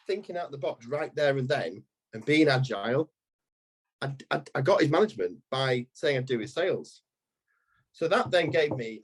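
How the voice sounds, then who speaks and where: Podcast guest: husky man in his thirties, storytelling, restarts often. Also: medium pitch. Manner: rambling anecdotal, frequent restarts. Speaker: estate agency owner.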